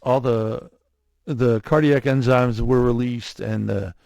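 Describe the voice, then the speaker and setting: A man telling his own story in a casual interview, animated, acting out what others said to him. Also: medium pitch, takes it slowly, creaky, no echo. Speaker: guest, cardiac arrest survivor.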